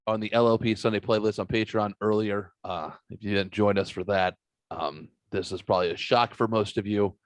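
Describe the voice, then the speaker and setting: A man's voice: lowish voice, fairly even intonation, brisk, no room sound. A man hosting a podcast, talking in a profane, rambling, self-mocking way. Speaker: podcast host. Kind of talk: casual podcast banter.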